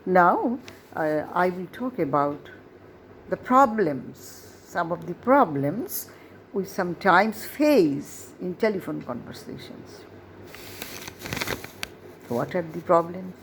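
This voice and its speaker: A woman's voice: lowish voice, lively intonation, a little hiss or hum. A woman English teacher, explaining a lesson step by step and repeating key phrases. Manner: explains slowly, repeats phrases, asks rhetorical questions. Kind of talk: classroom-style lesson explanation.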